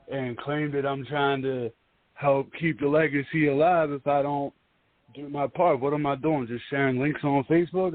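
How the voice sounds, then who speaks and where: New Orleans interviewer, relaxed and chatty, phone-line sound. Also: male voice, mid-range voice, no echo. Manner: laid-back, laughs often, says "man" a lot. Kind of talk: casual radio chat. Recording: tinny phone line, dry.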